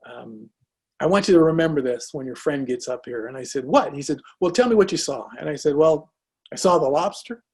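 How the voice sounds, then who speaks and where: Gravelly-voiced man telling a story. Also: a little high, brisk. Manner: lively, acts out dialogue in anecdotes. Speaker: speaker. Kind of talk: motivational storytelling.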